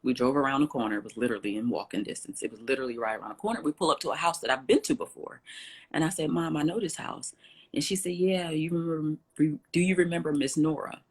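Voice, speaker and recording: A woman guest in an interview, telling a personal story with lively, acted-out dialogue. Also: deep voice, fast, breathy edge. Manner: animated storyteller, acts out quoted dialogue.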